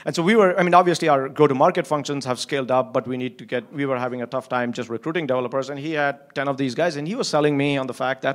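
A man's voice: medium pitch, fast. A man who runs a company, talking casually in an interview, candid and profane, with frequent restarts and a habit of chuckling through his stories. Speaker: company founder and CEO.

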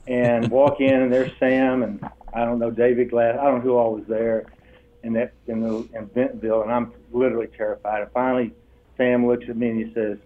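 An older man with a drawl tells stories as an interview guest, bringing the people he quotes to life with laughter in his voice. His pitch sits mid-range for a man. The sound is tinny and thin, as if over a phone line. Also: brisk. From Texas. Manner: animated storyteller, acts out quoted voices with laughs. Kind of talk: storytelling interview.

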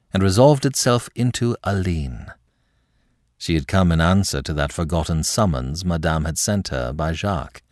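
A man's voice: deep voice, no echo, clean studio sound. A man narrating a classic novel expressively as a podcast reader. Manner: expressive storytelling. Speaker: audiobook narrator. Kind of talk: scripted narration.

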